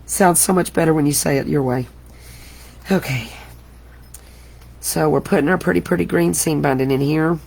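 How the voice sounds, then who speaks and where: A woman's voice: sits low, moderate pace, creaky, pauses often, darkish tone, breathy edge. A middle-aged woman hosting a live craft tutorial, chatty and exclamatory, often laughing at herself. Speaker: crafting host.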